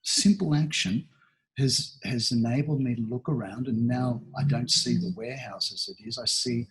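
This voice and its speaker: An Australian man in his sixties, founder of a talent agency, speaks at normal speed in a mid-range voice. As an interview guest he reflects thoughtfully, with many restarts and fillers.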